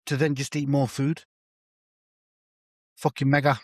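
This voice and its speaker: A man's voice: medium pitch, a little slow, dry recording. Slangy man on a dry mic. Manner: slangy, animated storyteller, swears freely. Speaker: podcast co-host. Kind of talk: casual storytelling chat.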